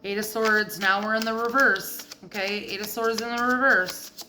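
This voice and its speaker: A woman's voice: mid-range voice, steady tone, moderate pace, noisy background. A woman giving a casual tarot reading, blunt and profane, getting heated as she goes. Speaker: tarot reader.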